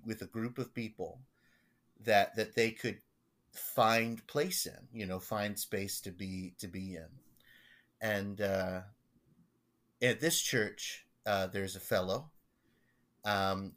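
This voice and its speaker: A man, a pastor, telling stories in a casual podcast chat, halting and rambling with many restarts. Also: on the low side, a bit bright.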